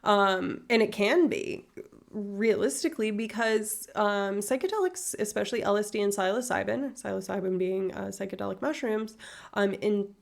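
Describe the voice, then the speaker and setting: Casual woman streamer, gravelly voice, mid pitch, chatty and loose. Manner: chatty and swears freely, with frequent ums. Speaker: streamer discussing neuroscience. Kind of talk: casual live-stream chat.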